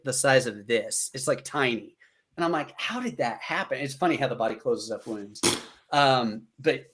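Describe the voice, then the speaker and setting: A man's voice: medium pitch, a bit bright. Man telling a war story casually. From United States. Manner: vivid, rambling retelling with many fillers and restarts. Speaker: podcast guest.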